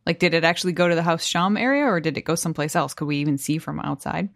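Thoughtful woman player, lower pitch, dry. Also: fast talker, vocal fry, no room sound. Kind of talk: casual game play.

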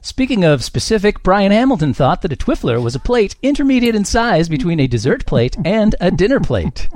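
Lively, playful male game host. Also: high-pitched, a little fast, no echo. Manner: playful, punning, reads definitions aloud. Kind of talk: hosting a comedy word-guessing game.

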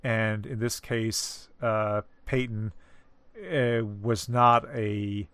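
A man talks through a story at an unhurried, deliberate pace, often pausing mid-thought to find the right word. His voice is smooth and resonant. The recording is close and dry. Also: lowish voice, a bit bright, dry recording. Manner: measured, explanatory, pauses to find words. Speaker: discussion co-host. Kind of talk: casual literary discussion.

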